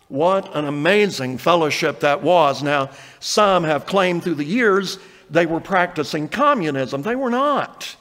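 A man's voice: on the high side, animated, measured pace, a bit bright, long reverb tail. A male pastor preaching an earnest sermon, reading scripture aloud and acting out the quotes.

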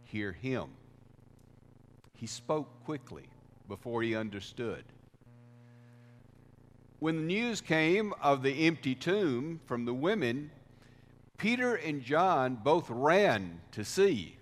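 Man, pastor, slow deliberate sermon, emphatic swells, long church reverb. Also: fairly high pitch, big pitch swings. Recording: reverberant hall sound.

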